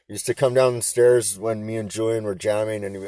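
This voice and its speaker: A man's voice: lowish voice, brisk, a little mellow. A man from Canada telling a rambling, profane story in casual talk. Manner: rambling, profane, laid-back. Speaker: interviewee.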